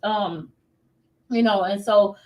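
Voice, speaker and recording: A woman in her thirties hosts a faith talk show, telling stories with real animation and acting out the voices of the people she quotes. Her everyday middle-pitched voice moves slowly. She sits a little back from the mic, and the recording is distant and low in quality.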